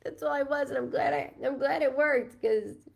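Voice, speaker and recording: A woman from New York in her thirties, working as a psychic medium, speaks in a high voice with vocal fry at a moderate pace. Her live-streamed reading rambles, and she sounds chatty, sorry and emotional throughout.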